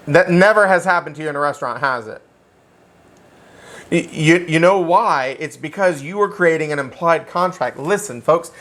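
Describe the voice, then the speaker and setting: A man teaching a real estate licensing class in an animated, joking way, often checking in with "okay?" and speaking. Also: fairly high pitch, normal speed, vocal fry. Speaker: real estate exam instructor. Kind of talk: classroom lecture.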